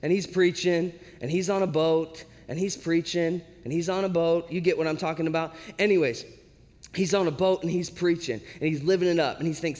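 A male preacher giving a sermon as casual, animated storytelling. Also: on the high side, a little fast, long reverb tail.

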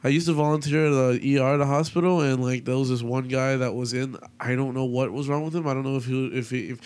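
A man's voice: medium pitch, steady tone, fast, darkish tone, clean tone. A young man in casual chat, rambling through a story with many fillers.

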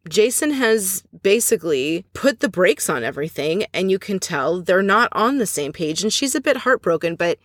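A woman talks through a recap in a loose, chatty way, dropping opinionated asides as she goes. Her voice sits at an ordinary middle pitch. The sound is dry and close, with no room echo. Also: big pitch swings, a bit bright. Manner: chatty, opinionated, retells scenes with quick asides. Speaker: podcast host recapping a reality show. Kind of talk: casual recap commentary.

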